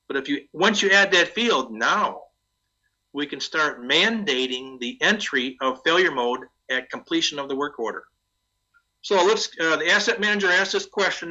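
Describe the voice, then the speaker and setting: A man's voice: a little high, bright, forceful tone, lo-fi sound. A man presenting at a maintenance conference, speaking conversationally and posing rhetorical questions to the audience.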